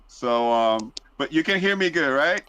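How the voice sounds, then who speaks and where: A man's voice: medium pitch, animated, unhurried, bright, forceful tone, slight background noise. A man with a Spanish accent whose first language is Spanish, hosting a casual podcast interview and reading a formal introduction of his guest. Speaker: podcast host. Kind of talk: casual audio-space interview.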